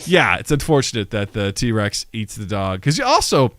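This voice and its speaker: A man co-hosting a podcast in casual chat, telling stories in an animated way full of "like" and retold dialogue. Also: on the low side, moderate pace. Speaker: podcast co-host.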